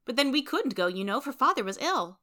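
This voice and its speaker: A woman voicing a spirited, decisive girl in a storybook reading, high and emphatic. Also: big pitch swings, fairly quick, bright, forceful tone, full character voice. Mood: decided.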